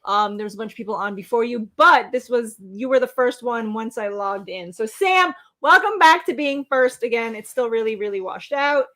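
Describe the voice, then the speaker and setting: A woman's voice: a little high, normal speed, few pauses, bright, forceful tone. Teasing woman greeting livestream chat. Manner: teasing, rambling, reads out viewer names. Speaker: co-host of a livestream show. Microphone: webcam.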